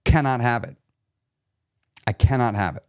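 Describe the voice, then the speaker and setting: A man's voice: medium pitch, moderate pace, darkish tone, clean tone, no room sound. Guy coaching people on weight loss, blunt and emphatic, says things twice, dry close sound. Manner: blunt, emphatic, repeats key phrases. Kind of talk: live coaching stream reading chat.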